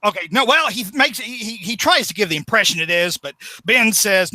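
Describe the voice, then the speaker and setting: Middle-aged male podcast co-host, brassy high voice, loose rambling delivery. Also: expressive, brisk, few pauses, pushed and bright, dry recording. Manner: rambling, laughing, acts out characters in quotes. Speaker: podcast co-host recapping comics. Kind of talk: casual chat.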